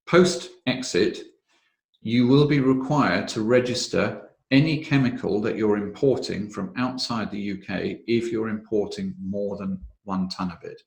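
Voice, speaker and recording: A man presenting a webinar on health and safety law, talking in a measured, methodical way with frequent "uh" fillers. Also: on the low side, vocal fry, darkish tone, roomy sound. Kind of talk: explanatory webinar talk.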